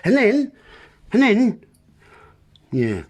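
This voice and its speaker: A man's voice: high voice, wildly swooping pitch, very slow, slightly rough. A man delivering a rambling monologue as host, full of playful wordplay and talking straight to the listeners as folks.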